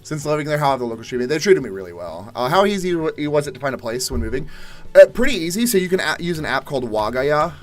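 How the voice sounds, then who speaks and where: A young man from Atlanta, Georgia, chatting casually on a live stream, reading viewer questions and answering in a laid-back way, with the odd swear word and loud exasperated outbursts. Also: a little high, sing-song, quick pace. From Atlanta, Georgia, USA. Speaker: livestream host. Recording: faint music behind.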